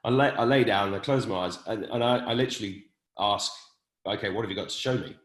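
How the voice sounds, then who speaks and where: A man's voice: lowish voice, fast, a bit bright. Man host in an echoey room. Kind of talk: conversational interview.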